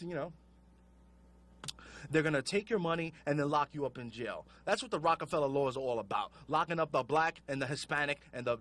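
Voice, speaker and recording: A man's voice: fairly high pitch, a bit bright. A man hosting a call-in radio show, ranting sarcastically and sounding exasperated. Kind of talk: call-in talk radio rant.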